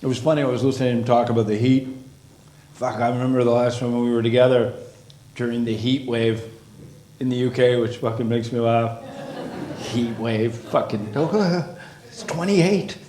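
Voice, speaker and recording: A man doing a stand-up comedy routine on stage, ranting with heavy profanity and rising to shouted exasperation. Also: medium pitch, steady tone, moderate pace, long pauses, noisy background. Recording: echoey live club with crowd. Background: audience laughter.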